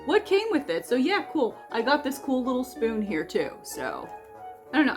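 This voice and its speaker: A woman's voice: high voice, big pitch swings, moderate pace, music in the background. A young woman hosting a casual food vlog, rambling with many fillers and restarts. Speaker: vlogger and host.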